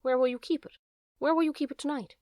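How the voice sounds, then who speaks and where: A woman's voice: high voice, fairly even intonation, quick pace, a little mellow, no room sound, studio quality, pitched above the performer's own voice, lightly acted. A woman voicing a poor, proud old man in his sixties, pleading and indignant. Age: 60s. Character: poor old male tattooist, proud and desperate.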